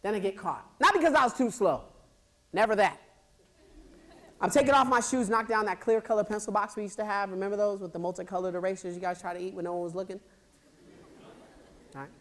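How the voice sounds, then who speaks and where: A lively male motivational speaker tells a childhood story to a high school assembly, talking fast and with great energy. He acts out scenes, makes sound effects and quizzes the crowd with call-and-response questions. His delivery swings between hushed moments and loud bursts.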